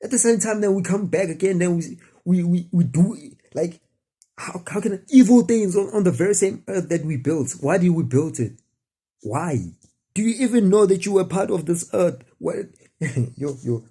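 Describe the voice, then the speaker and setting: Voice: medium pitch, lively intonation, moderate pace, warm tone, slightly rough. A spiritual speaker, preaching casually to camera in a rambling, repetitive way full of rhetorical questions. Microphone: camera facing the speaker.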